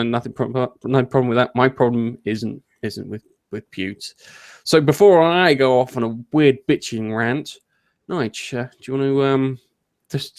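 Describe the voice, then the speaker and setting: A man hosting a casual gaming news chat, rambling, jokey and often interrupting himself. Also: mid-range voice. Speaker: host.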